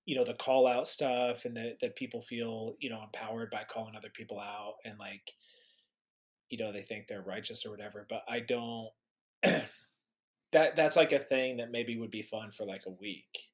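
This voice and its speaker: A man's voice: fairly low pitch, fairly even intonation, moderate pace. Hesitant man musing in casual chat. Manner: thoughtful, hesitant, restarts sentences. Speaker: podcast guest.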